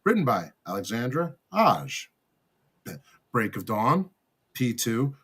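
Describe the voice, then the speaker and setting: A man's voice: mid-range voice, sing-song, slow, fairly bright tone, husky. A man co-hosting a horror movie podcast, reading a film's synopsis and credits aloud in a casual chat and stumbling over names. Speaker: podcast co-host.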